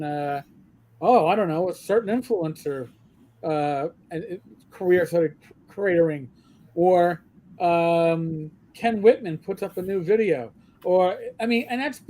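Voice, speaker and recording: A man's voice: high voice, warm tone. A man in his fifties hosting a gaming talk livestream, blunt and profane, sharing strong opinions in casual chat. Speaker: livestream host and gaming news blogger.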